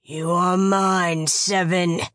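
A woman voicing a huge, menacing male forest giant in a storybook, drawing out his threats slowly and loudly. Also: fairly low pitch, level tone, dry recording.

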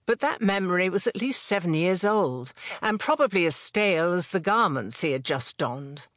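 A narrator reading a historical novel aloud in a measured, even storytelling voice. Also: mid-range voice, no echo. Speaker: audiobook narrator. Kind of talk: scripted audiobook narration. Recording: dry close studio sound.

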